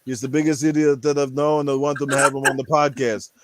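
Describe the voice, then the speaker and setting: A man with a rough throat putting on a crude, boastful action-star impression, ranting vulgarly. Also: medium pitch, level tone, fast, background noise, lightly acted. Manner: vulgar, boastful, rambling rants.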